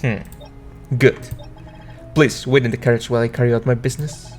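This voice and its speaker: A man's voice: medium pitch, fairly even intonation, fairly quick, a little mellow, soft background music, natural voice. A scheming young noble mage with a cold, commanding edge, read out by a man. He gives clipped, imperious orders and never raises his voice. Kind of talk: reading game dialogue aloud.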